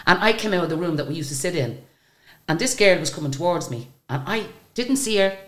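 With a brisk pace and a voice on the low side, a sixty-something Irish woman who sings shares anecdotes in a chatty interview. She's lively and talkative, often starting her sentences over.

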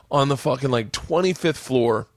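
A man hosts a podcast in a loose, profane, rambling way. His voice sits mid-pitched and is recorded close and dry, with no room sound. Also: measured pace, no echo. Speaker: podcast host. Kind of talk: casual podcast chat.

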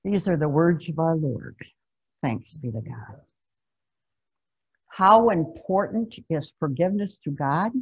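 A woman's voice: low voice, animated, slow pace, long pauses, breathy edge. A woman pastor preaching a sermon in a conversational, emphatic storytelling way, over a video call. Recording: dull lo-fi video-call recording.

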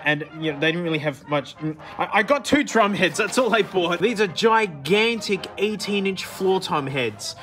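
A high-pitched Australian man talking excitedly as he strolls through a music store. He gushes and drops "mate" constantly, with faint music playing behind him. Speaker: vlog host. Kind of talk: casual walkaround vlog. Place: indoor music store, walking around.

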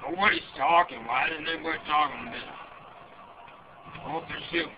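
A man's voice: on the high side, normal speed, close to an everyday voice. A man doing a foul-mouthed redneck gamer. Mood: grumbling. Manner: cursing, grumbling running commentary while playing. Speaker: gamer character in a comedy skit. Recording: muffled lo-fi home recording with loud background noise.

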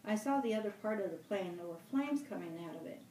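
A woman's voice: mid-range voice, lively intonation, fast, warm tone, slight background noise, lightly acted. A woman voicing an anxious, chattering plump schoolboy with asthma, reading aloud from a novel. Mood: earnest. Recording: roomy room, mic at a distance.

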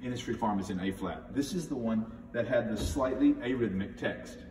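A man's voice: medium pitch, moderate pace, recorded from a distance, over loud music. Man speaking in an echoey church. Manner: thoughtful, conversational, reads hymn texts with emphasis. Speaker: church music director. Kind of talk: spoken hymn talk with readings. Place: large church sanctuary.

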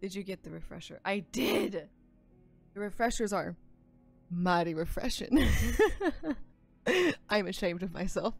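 A woman's voice: fairly high pitch, slow, creaky, faint music behind. A young adult woman streaming a game with casual commentary, swearing freely, laughing often and breaking into exasperated outbursts.

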